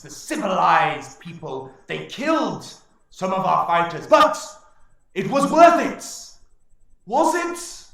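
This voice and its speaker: Guy putting on a angry orc chief yelling at his tribe, way higher than his normal voice, lots of room echo. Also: vocal fry, heavily acted. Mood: defiant. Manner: bellowing, rousing war speeches. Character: angry defiant orc chieftain warlord, male.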